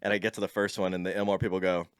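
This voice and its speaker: A man with a somewhat low voice chats casually as a podcast guest, recounting stories in a loose, laid-back way. He laughs easily and leans on "like" as filler. The sound is close and dry. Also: level tone, racing, smooth, no echo. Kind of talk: casual storytelling chat.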